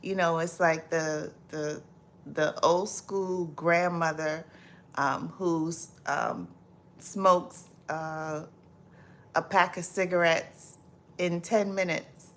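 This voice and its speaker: A woman's voice: fairly low pitch, steady tone, slow, a bit bright. A woman from South Florida hosting a live stream in a casual, chatty way, reading viewer comments aloud, repeating herself and laughing often.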